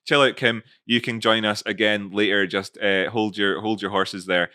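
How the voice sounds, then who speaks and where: A man's voice: fairly low pitch, fairly even intonation, moderate pace, pushed and bright, no room sound, clean studio sound. A man hosting his own show in a casual, playful way, often laughing. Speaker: host. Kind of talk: casual chat.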